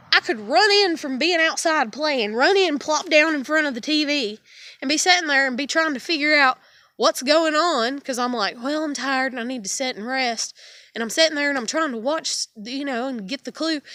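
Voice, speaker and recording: A woman in her thirties talks to her viewers in a high voice, venting her stress with plenty of swearing. She sounds exasperated and worn out, sighing as she goes. The sound is dry and close, with no room around it. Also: pushed and bright, no room sound. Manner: swearing, exasperated, trailing off into weary sighs. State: upset and stressed. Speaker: vlogger. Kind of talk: frustrated personal vent to camera.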